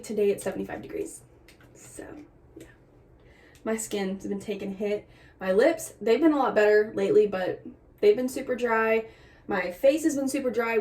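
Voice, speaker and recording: This is a young adult woman with a voice on the high side and a darkish tone. She's a vlogger recording a casual pregnancy update indoors at home, chatting candidly to a camera on a tripod, laughing through her complaints and a little out of breath.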